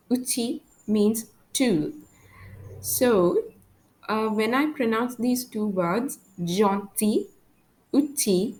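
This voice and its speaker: A woman gives a language lesson at an unhurried pace, her voice at an ordinary middle pitch. She says each example word with care, repeats it, and then explains it plainly. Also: low-quality recording. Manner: repeats example words carefully, then translates. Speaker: language teacher.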